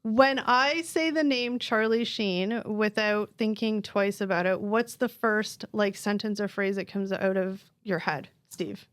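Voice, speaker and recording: A woman's voice: mid-range voice, fairly even intonation, measured pace, few pauses, clear, resonant tone. A middle-aged woman co-hosting a podcast from a basement, chatty and rambling as she steers the talk. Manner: chatty, rambling, runs the conversation. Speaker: podcast co-host. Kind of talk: casual chat.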